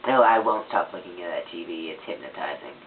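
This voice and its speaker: A woman's voice: a bass voice, animated, brisk. A woman rambling in her bedroom, distracted and swearing often. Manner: distracted, random, swears a lot. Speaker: first-time vlogger. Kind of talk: rambling casual webcam talk. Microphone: camera propped on a glass on a fan. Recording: tinny, noisy, echoey home webcam.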